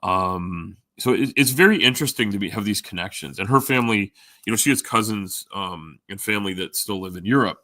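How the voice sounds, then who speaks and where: A man's voice: lowish voice, a little fast, sharp tone, no room sound, studio quality. A middle-aged man chatting casually with live viewers as a stream host, rambling with lots of fillers. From Canada. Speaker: livestream host.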